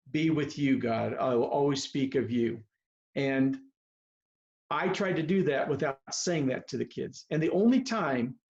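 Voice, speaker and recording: An older man in his seventies, a longtime baseball coach, tells stories with earnest feeling and often restarts his sentences. His voice sits a little high for a man. It comes through a slightly muffled video call. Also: a little mellow. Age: 70s or older. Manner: earnest, heartfelt, rambling with restarts. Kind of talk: personal storytelling on a video call. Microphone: video call microphone.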